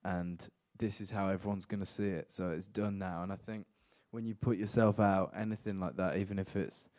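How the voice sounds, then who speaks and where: A young man with a deep voice answers press conference questions in a thoughtful, measured way. His intonation stays fairly even, and his sentences trail off softly.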